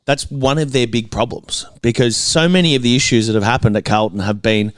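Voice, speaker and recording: A man's voice: mid-range voice, brisk, a bit bright, no echo. A man in his twenties with an Australian accent, co-hosting a casual football podcast with dry, teasing banter. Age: 20s. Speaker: podcast co-host. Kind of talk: casual footy chat.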